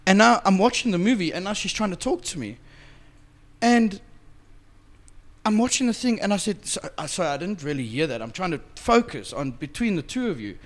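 Brief: male podcast host, pitch on the higher side, very lively delivery, swears a lot in casual chat. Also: fairly quick. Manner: animated storyteller, swears freely.

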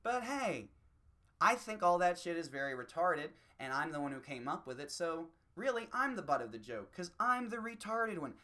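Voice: medium pitch, big pitch swings, normal speed, bright, forceful tone. Profane, rambling solo comedian. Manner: profane, rambling, self-mocking.

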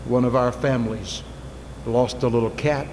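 A man preaching a sermon in a church, moving from soft, intimate asides to loud, fervent appeals. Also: medium pitch, steady tone, normal speed. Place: church sanctuary. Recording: long reverb, faint ambient noise.

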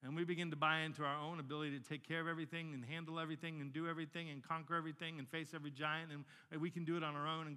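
Bright-voiced man preaching a sermon. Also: on the high side, rapid-fire, in a large hall. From Northern Virginia, United States. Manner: animated storytelling, repeating words as he restarts. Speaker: pastor.

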